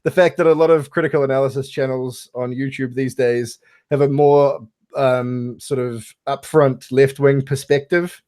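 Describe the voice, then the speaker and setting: A man's voice: medium pitch, steady tone, moderate pace, a little mellow, no room sound, studio quality. A man hosting a casual discussion, talking in a rambling way with many fillers like "like" and "you know". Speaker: podcast host leading a discussion. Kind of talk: casual chat.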